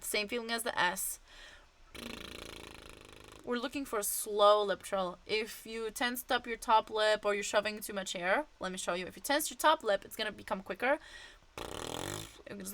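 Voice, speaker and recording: A woman voice teacher walks through vocal exercises, chatty and hands-on, dropping in fillers as she demonstrates. Her voice sits a little high and rings bright and sharp. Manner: casual, demonstrative explanations with many fillers.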